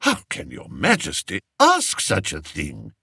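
A man voicing a scheming, smooth-talking courtier with an unctuous, measured manner, in an audiobook. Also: low-pitched, wildly swooping pitch, pushed and bright, no echo, clean studio sound, exaggerated voice. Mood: oily. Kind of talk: audiobook character voice.

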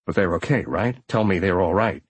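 A man voicing an anxious male protective agent who presses urgently for answers in a husky voice. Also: low-pitched, normal speed, no echo.

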